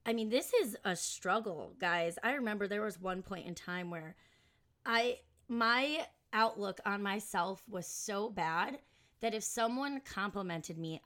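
A woman's voice: mid-range voice, a bit bright. A young adult woman hosting her podcast, talking casually in a rambling, self-mocking way and reading from an article she wrote. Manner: chatty, rambling, laughs at herself. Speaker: podcast host.

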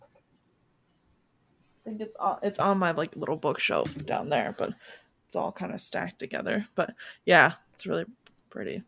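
A woman's voice: on the low side, lively intonation, a little slow, creaky, long pauses, fairly bright tone, slightly rough. A young woman chatting casually as a podcast co-host, trailing off with fillers. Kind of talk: casual chat.

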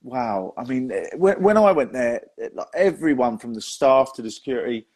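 A man's voice: medium pitch, lively intonation, moderate pace, a little mellow. A man hosting a podcast, telling stories in a chatty way and laughing often. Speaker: podcast host. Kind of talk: casual chat.

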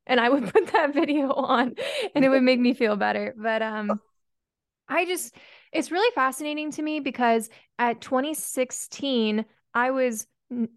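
A woman with a smooth, resonant voice pitched somewhat high hosts a casual podcast chat. She muses about her own views, then turns to her guest with open questions. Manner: reflective, asks open questions. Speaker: podcast host.

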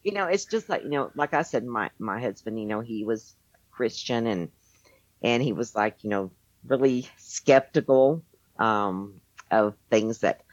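A woman with a low voice tells a story in a loose, rambling way, with plenty of fillers and restarts. The sound is dull and lo-fi, dry with no room echo. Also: animated, a little slow. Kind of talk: casual storytelling.

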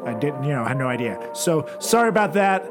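A man co-hosting a comedy podcast, rambling in a deadpan, sarcastic way with lots of restarts. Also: fairly high pitch, fast, over music. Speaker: podcast co-host.

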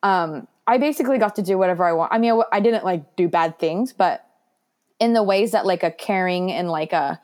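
A woman's voice: lowish voice, brisk, a little mellow. A young adult woman giving a candid interview about her past, talking in an earnest, reflective way with many small fillers. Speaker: guest sharing her foster care story.

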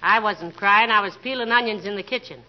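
An actress playing a patient middle-aged wife in a 1940s radio comedy, scolding gently and teasing dryly. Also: female voice, mid-range voice, a little fast, lightly acted. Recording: muffled 1940s radio broadcast with clear hiss.

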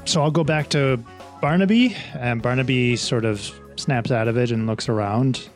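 A man's voice: medium pitch, moderate pace, faint music behind. A man playing a tabletop game, thinking his moves through aloud and checking the rules. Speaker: player. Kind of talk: describing his characters' actions.

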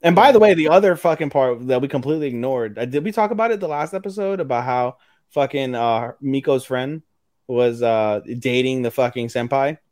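A man's voice: medium pitch, a little fast, no echo. Dry-voiced podcast guy retelling anime. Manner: animated retelling, swears freely, slips into character voices. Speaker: podcast co-host. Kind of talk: casual anime review chat.

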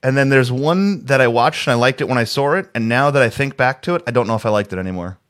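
Guy rambling about bands and movies, lots of restarts, mid-pitched voice. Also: lively intonation, fast, fairly bright tone. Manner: rambling, many restarts and fillers. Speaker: podcast co-host. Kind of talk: casual chat.

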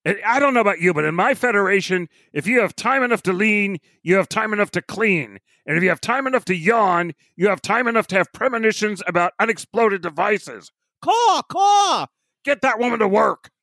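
A man's voice: sits high, lively intonation, a little fast, sharp tone, no room sound, clean studio sound, pitched above the performer's own voice, full character voice. A man putting on the voice of a stingy, cranky old male boss who barks orders and squawks like a bird. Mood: cranky bossy. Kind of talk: comedic impression in casual chat.

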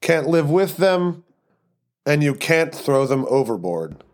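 A man's voice: fairly high pitch, big pitch swings, a little mellow. A man voicing a brash, boastful man with a put-on Eastern European accent in an audio story. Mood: smug. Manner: cocky, drawn-out boasting. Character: brash cigarette-waving man boasting VIP status.

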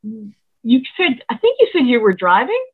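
A woman's voice: fairly high pitch, very animated, a little slow, breathy edge. A woman musician giving rambling, earnest advice in casual chat, heard over a tinny phone-like line. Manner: rambling, earnest, many restarts. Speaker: musician guest.

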